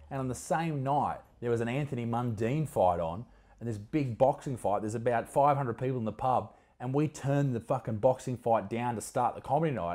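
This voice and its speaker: A man telling a short stand-up anecdote in a slow, deadpan way. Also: mid-range voice. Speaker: stand-up comedian in a played clip.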